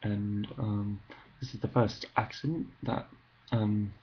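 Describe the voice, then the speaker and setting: A man introducing his own comedy video, speaking hesitantly and pausing often. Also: lowish voice, steady tone, husky, highs cut off. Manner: hesitant, full of ums. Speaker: video host.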